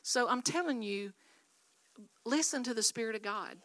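A woman's voice: fairly high pitch, normal speed, a bit bright, no echo. A woman preaching a sermon, exhorting her listeners and asking for their responses. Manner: exhorting, call-and-response with audience. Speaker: guest speaker.

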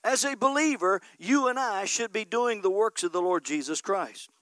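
A man's voice: high voice, lively intonation, moderate pace, a bit bright, no echo. A man preaching a sermon as a pastor, emphatic and repeatedly calling out to the congregation for an "Amen". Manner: emphatic preaching, punctuated by frequent call-outs of "Amen?".

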